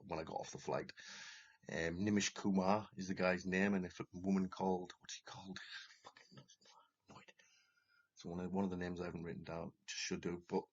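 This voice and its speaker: A man's voice: deep voice, husky. A man telling his own story in an unscripted monologue, rambling and agitated, with heavy swearing and many restarts. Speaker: former talent show contestant telling his story. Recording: lo-fi, dull recording.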